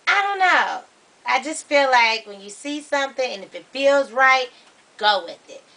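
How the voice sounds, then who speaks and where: A woman guest on a vlog, bubbly and chatty in casual talk, with loud bursts of laughter. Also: high-pitched, animated, moderate pace, far from the mic. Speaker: guest vlogger. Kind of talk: casual chat.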